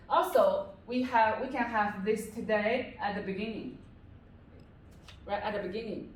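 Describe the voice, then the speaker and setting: A woman's voice: medium pitch, measured pace, far from the mic, slight background noise. A woman tutor giving a classroom-style lesson, patiently repeating each phrase and explaining it step by step. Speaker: language tutor. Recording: echoey room, voice away from mic.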